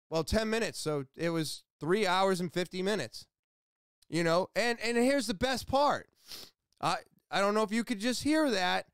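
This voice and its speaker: Excitable man telling a story, smooth voice. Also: high-pitched, dry recording, clean studio sound. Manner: excitable, loud, almost yelling; rambling with restarts and asides. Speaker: podcast host. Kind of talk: casual storytelling monologue.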